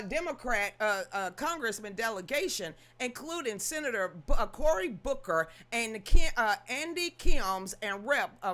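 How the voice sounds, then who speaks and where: Woman, political commentary host, mocking and exasperated, lively bright-ish voice. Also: fairly high pitch. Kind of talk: casual political rant.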